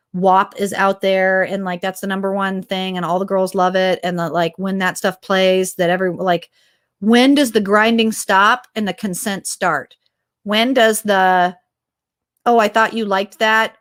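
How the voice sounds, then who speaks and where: A woman hosts an opinionated commentary show with an ordinary, mid-pitched voice. She talks with passion, stacks up rhetorical questions and slips into other voices to act out conversations. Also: a bit bright, clear, resonant tone. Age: adult mother. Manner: impassioned, fires off rhetorical questions; acts out quoted dialogue in other voices. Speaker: host.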